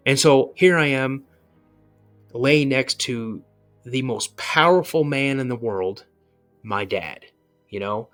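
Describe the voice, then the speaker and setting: A man's voice: mid-range voice, slow, long pauses, fairly bright tone, faint music behind. A man, a podcast guest, telling a personal encounter story in a rambling way, full of "you know" and restarts.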